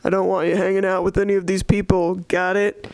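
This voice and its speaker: A woman's voice: medium pitch, level tone, brisk, a little mellow, dry recording, close to an everyday voice. Protective older brother read by a woman, curt and commanding. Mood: bossy.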